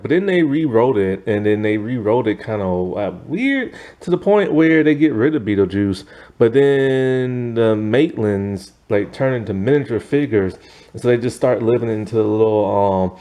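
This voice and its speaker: A male reviewer chats through a film in a casual, rambling way, peppering everything with "like" and "man." His voice sits at an ordinary middle pitch with a dark, mellow tone. He is blunt and opinionated. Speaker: movie reviewer. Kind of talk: casual spoken movie review.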